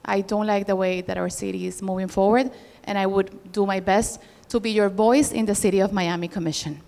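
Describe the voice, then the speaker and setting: A middle-aged woman giving an earnest, measured campaign speech as a political candidate. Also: medium pitch, fairly even intonation, vocal fry, darkish tone. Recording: hall reverb.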